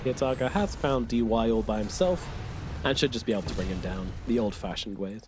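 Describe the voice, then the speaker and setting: A man calling live esports play-by-play in a broadcast booth, reacting quickly and excitedly to the action. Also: fairly low pitch, noisy background.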